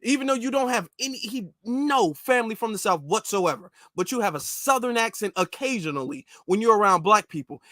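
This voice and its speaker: A man's voice: high-pitched, expressive, brisk, few pauses, pushed and bright, no room sound, clean studio sound. A man hosting his own channel, giving emphatic, repetitive reaction commentary and driving his points home over and over.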